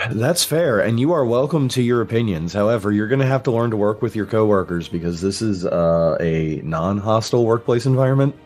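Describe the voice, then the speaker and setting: A man with a fairly low voice runs the tabletop game as its game master. He jokes with the players and often breaks off sentences to start over. Faint music plays underneath. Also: animated, brisk. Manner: jokey, trails off and restarts. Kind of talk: casual tabletop game chat.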